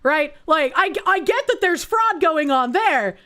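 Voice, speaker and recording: A woman's voice: sits high, expressive, a little slow, pushed and bright. A woman giving blunt, sarcastic reaction commentary as a streamer, swearing freely.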